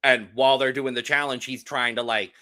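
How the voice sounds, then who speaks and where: A man's voice: mid-range voice, a little fast. A young man co-hosting a podcast, chatting casually and playfully as he recaps a reality show. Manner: animated, playful, gossipy. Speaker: podcast co-host.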